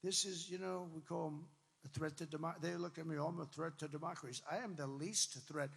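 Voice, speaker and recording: Gravelly, emphatic man at a rally. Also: on the high side, a little fast. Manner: emphatic, repetitive, rambling asides, bursts of shouting. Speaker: political candidate addressing supporters. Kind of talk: campaign rally speech. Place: large rally venue with crowd. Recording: long reverb from a rally venue.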